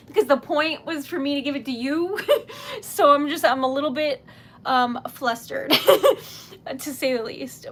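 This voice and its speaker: A woman's voice: fairly high pitch, fairly bright tone. A woman streaming live and chatting casually, flustered and giggly, laughing through tears and often trailing off mid-sentence.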